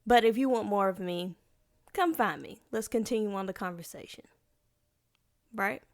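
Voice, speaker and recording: A woman's voice: medium pitch, normal speed. A young woman hosting a solo podcast, chatting casually in a rambling, playful, slangy way full of restarts and asides. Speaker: podcast host.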